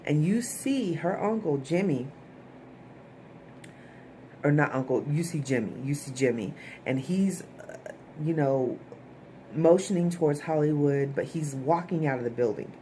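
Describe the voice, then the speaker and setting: Woman, very low voice, casual chatty recap, talks straight to viewers. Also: a little slow, long pauses, dark tone, slight background noise. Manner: chatty, with frequent "okay?" asides to viewers. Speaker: TV show reviewer.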